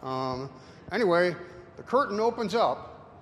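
A man in his sixties giving a casual slide talk with anecdotes to an audience, rambling and halting with many fillers. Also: sits high, animated, fairly bright tone. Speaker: presenter. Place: room with an audience. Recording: reverberant hall, faint noise.

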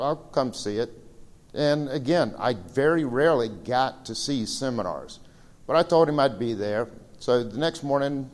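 A man's voice: mid-range voice, darkish tone. A man giving a slideshow seminar talk, telling stories in a casual, rambling way with fillers. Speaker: seminar presenter. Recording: reverberant hall recording.

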